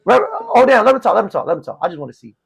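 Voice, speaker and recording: A man's voice: high voice, wildly swooping pitch, very fast, vocal fry, slightly rough. A man hosting a live discussion, blunt and mocking, repeating phrases as he presses his point. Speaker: live stream host.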